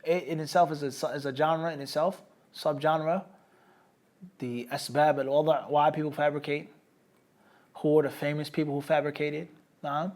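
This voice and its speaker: A man's voice: on the high side, little pitch movement, moderate pace, long pauses, a little mellow. A man teaching a hadith studies class, explaining through everyday examples, checking in with the class and mixing Arabic terms into English. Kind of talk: Islamic studies lecture.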